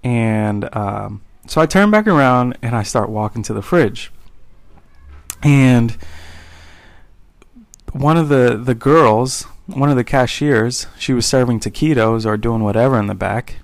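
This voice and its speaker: A man's voice: medium pitch, measured pace, vocal fry, no echo. A man co-hosting a podcast who tells a casual anecdote in a laid-back, amused way. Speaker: podcast co-host.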